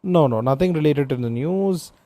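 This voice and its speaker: A man co-hosting a trivia podcast in casual chat, playful and animated as he tells stories. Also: on the high side, moderate pace, no echo. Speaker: podcast co-host.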